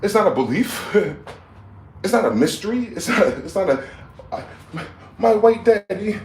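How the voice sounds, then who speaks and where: A man in his forties hosting a livestream, ranting with heated outbursts that drop to low mutters. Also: sing-song, normal speed. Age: 40s. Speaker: livestream host. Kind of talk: profane rant. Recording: echoey room with faint background noise.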